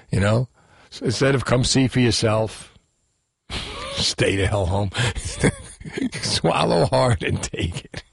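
A man's voice: lowish voice, creaky, no room sound, clean studio sound. A man hosting a call-in radio talk show, sarcastic and mocking. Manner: sarcastic, mocking, puts on voices for politicians.

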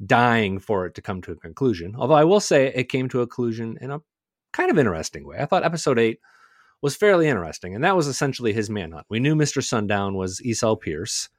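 A man's voice: mid-range voice, big pitch swings, quick pace, no echo, studio quality. A man co-hosting a podcast, recapping a TV show in casual, conversational chat with lots of hedging words. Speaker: podcast co-host.

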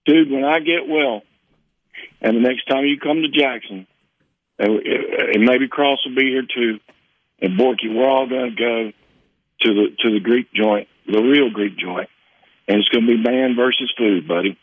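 A man's voice: medium pitch, normal speed, dry recording. A man from Mississippi on a radio call-in, talking emotionally and with rambling restarts. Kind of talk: casual radio chat. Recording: phone-line call, dry.

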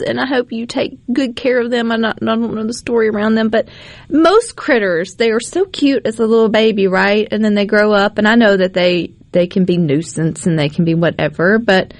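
A woman hosting a radio talk show in a studio, chatty and quick to laugh. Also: medium pitch, no room sound. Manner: chatty, giggly, laughs often. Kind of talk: casual radio chat. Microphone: studio microphone.

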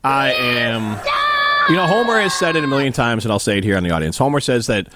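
Lively, teasing male sports radio host. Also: medium pitch, fast talker, heavy background noise. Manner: jokey, teasing, reads listener texts aloud. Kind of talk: casual sports radio banter. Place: radio studio. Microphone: studio microphone.

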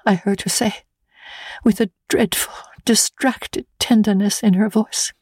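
A woman narrating a classic novel in the first person, measured and grave. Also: medium pitch, fairly even intonation, a little mellow, slightly rough, no room sound. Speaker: audiobook narrator.

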